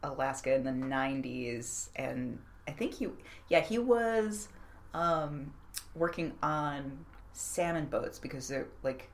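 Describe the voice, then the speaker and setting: A woman co-hosting a podcast, chatting quickly and laughing often. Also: rumbling low, lively intonation. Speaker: podcast co-host. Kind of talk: casual chat.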